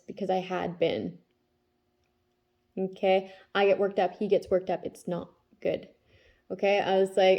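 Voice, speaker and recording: A woman's voice: medium pitch, little pitch movement, a little slow, gravelly, pauses often, dull audio. A woman in her thirties, a tarot reader talking casually about her day and her kids, often checking in with "okay?" as she goes. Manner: chatty, tags lines with "okay?". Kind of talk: casual spiritual vlog talk.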